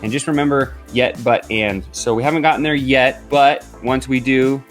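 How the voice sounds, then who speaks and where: Energetic male sales coach. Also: medium pitch, normal speed, soft background music. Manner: energetic, chatty with frequent fillers. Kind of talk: upbeat vlog coaching.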